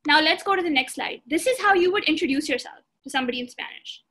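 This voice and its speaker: A woman's voice: high voice, expressive, fast, sharp tone. A woman teaching a beginner language lesson, patient, repeating points and checking that students follow. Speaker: language instructor.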